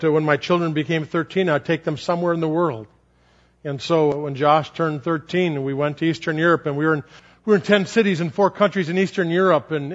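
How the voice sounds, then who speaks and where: A male pastor tells stories during a sermon in a fairly high voice. He is animated and repeats words for effect. The recording sounds dull and lo-fi. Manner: animated, repetitive. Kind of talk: sermon storytelling.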